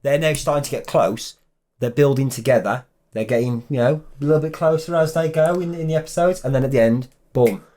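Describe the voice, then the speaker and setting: A man co-hosting a casual chat, relaxed, steering the talk with questions. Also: on the high side, a little fast. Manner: relaxed, leads the questions, says "reckon" and "brilliant". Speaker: podcast co-host.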